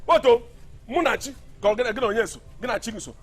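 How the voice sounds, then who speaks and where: An actor with a Nigerian accent playing a boastful village bully who rants threats and dares others to fight. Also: male voice, extremely high pitch, animated, brisk, over music. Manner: boastful threatening rants in pidgin-laced English. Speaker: film actor. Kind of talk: Nollywood film acting.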